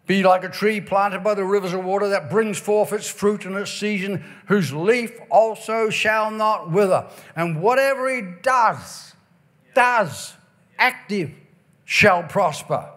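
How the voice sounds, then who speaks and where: A man with a high voice delivers a revival sermon. He stretches out key words, rises into shouts and slips into a sing-song cadence as he reads verses aloud. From Ireland. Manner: emphatic, drawn-out stresses, bursts of shouting and sing-song phrasing. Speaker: preacher.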